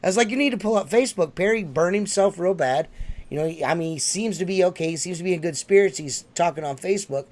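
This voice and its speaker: A man's voice: on the high side, fast, a little mellow. A man hosting a podcast, telling stories in casual chat, swearing and laughing often. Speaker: podcast host.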